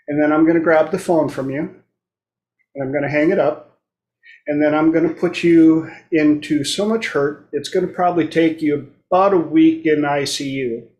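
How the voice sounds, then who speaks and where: Blunt man telling stories, high voice. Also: a little mellow, roomy sound. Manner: blunt storytelling, acts out quoted voices. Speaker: host. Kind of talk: casual chat.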